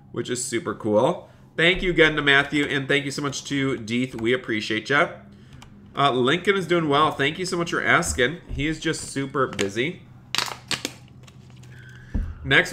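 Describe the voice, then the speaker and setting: A male game streamer with a bright, forceful voice. He talks straight to his viewers on a live stream, chatty and excitable, and breaks into gushing thanks for donations. The pitch sits in a middle range for a man. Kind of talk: live gaming stream commentary.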